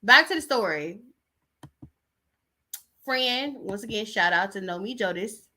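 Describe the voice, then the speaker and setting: A woman's voice: medium pitch, expressive, a little slow, sharp tone, a little hiss or hum. A young woman hosting her own show, telling a personal story in a loose, slangy, chatty way. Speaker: host. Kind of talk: casual chat.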